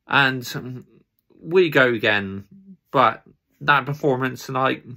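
Brief: young male fan vlogger, gravelly, bright edge, slow furious swearing rant. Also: mid-range voice. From England. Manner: furious, swearing, repeating himself. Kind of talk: angry ranting fan vlog.

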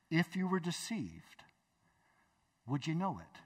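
A male pastor preaching a sermon in a church, emphatic, swinging between loud exclamations and hushed asides. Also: a little high, very animated, slow, pauses often, slightly rough, far from the mic. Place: church sanctuary.

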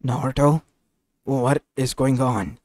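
A man voicing a calm, solemn male warrior reborn as a mechanical dreadnought, speaking slowly and gravely in a fan-made storybook reading. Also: mid-range voice, dry recording, clean studio sound, close to an everyday voice. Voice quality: mechanical-sounding, measured.

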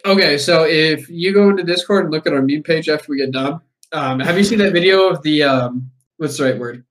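A man co-hosting a podcast in casual chat, joking, swearing and pitching wild schemes. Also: a little fast. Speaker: podcast co-host.

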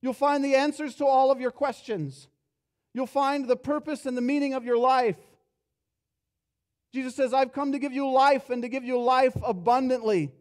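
A pastor preaching a sermon in a church, telling a story and acting out its characters, dropping soft and low for reflective points. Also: male voice, steady tone, normal speed. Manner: storytelling, acts out characters' lines with rising energy. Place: church sanctuary.

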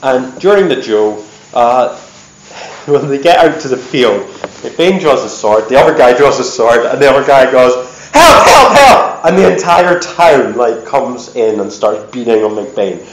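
A man's voice: mid-range voice, a little slow, slight background noise. Chatty man in an echoey hall. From United States. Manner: lively storyteller, chatty with many ums. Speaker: presenter. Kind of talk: storytelling history talk. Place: event hall.

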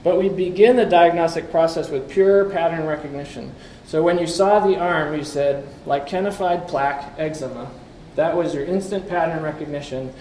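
He talks at a moderate pace with few pauses, his fairly high voice carrying a darkish tone, as he presents slides at a conference. Questions for the audience and wry asides keep it conversational. Expect a little hiss or hum, room echo, and faint ambience.

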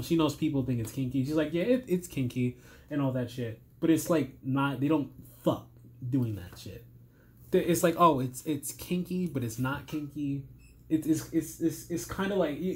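A man's voice: fairly high pitch, darkish tone. A tired man hosting a reaction video, rambling in an exasperated, stammering way and swearing often. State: tired, strained voice. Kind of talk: casual rambling commentary.

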